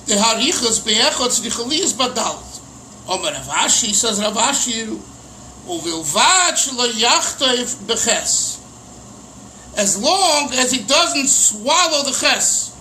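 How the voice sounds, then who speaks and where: Man, rabbi, casual lesson, very high voice, bright and sharp tone. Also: sing-song, takes it slowly, a little hiss or hum, rough recording. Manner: explains text line by line, acts out questions. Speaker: rabbi teaching Chassidic texts.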